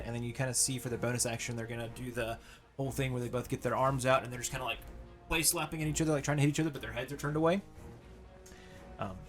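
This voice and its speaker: A man narrating a tabletop role-playing game as game master, telling the action in a lively way and laughing often. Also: medium pitch. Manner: animated, laughing storyteller.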